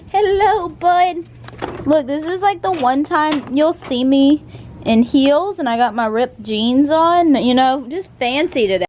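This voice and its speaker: A woman's voice: sits high, expressive, a little slow, darkish tone, a little hiss or hum. A young woman, chatting bubbly and directly to her viewers in a casual vlog. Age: young adult. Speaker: vlogger.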